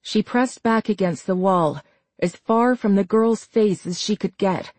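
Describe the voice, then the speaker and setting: A woman narrating a horror novel as an audiobook, reading in a slow, measured way. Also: medium pitch, a little mellow, no room sound. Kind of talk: scripted narration.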